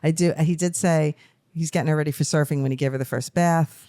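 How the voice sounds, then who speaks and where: A woman's voice: deep voice, fairly even intonation, fast talker, mellow, no echo, clean studio sound. A middle-aged woman co-hosting a casual family podcast, chatty and emotional, laughing often as a new grandmother.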